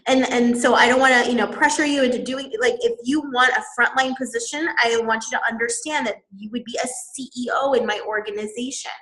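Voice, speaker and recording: A woman, a network marketing leader, explaining business strategy in an animated way, laughing often. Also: a little high, brisk, few pauses, roomy sound, rough recording.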